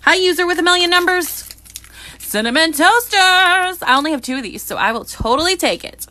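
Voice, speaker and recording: A woman hosting a live unboxing, chatting excitedly and greeting viewers by name. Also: extremely high pitch, fairly quick. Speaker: live-stream host.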